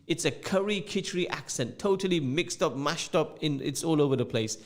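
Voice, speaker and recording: This radio host from England speaks at a normal speed with lively intonation and a voice on the high side. Casual and joking, he repeats phrases while reading listener messages in a radio studio, his accent blending northern English and London.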